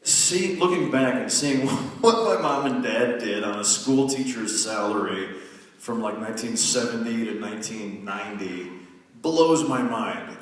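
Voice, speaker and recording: A man in his forties giving a humorous, self-deprecating talk to a live audience, telling stories conversationally with quick restarts. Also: mid-range voice. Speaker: guest speaker. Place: large lecture hall. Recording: distant mic in an echoey hall.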